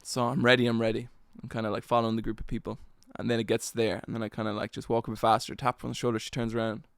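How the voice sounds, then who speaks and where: A man's voice: medium pitch, little pitch movement, very fast, vocal fry, no room sound, studio quality. A young man hosting a solo podcast, telling a story in a rambling, self-mocking way with lots of slang and fillers. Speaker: podcast host.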